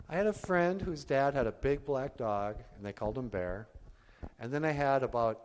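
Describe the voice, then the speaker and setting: A man with a lively, bouncing voice chats and rambles as he introduces his puppets. The sound comes from a stage in an arts venue, carried in a long hall reverb. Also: mid-range voice, normal speed. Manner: chatty, rambling. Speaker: puppeteer and comedian.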